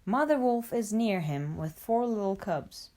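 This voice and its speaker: A woman narrating a storybook for language learners, reading clearly and deliberately. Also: medium pitch, expressive, warm tone. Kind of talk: graded-reader storybook narration.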